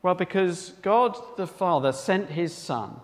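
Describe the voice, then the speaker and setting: Lively high-voiced male preacher in a hall. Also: unhurried. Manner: emphatic, asks the congregation rhetorical questions. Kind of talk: sermon. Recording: long reverb of a hall.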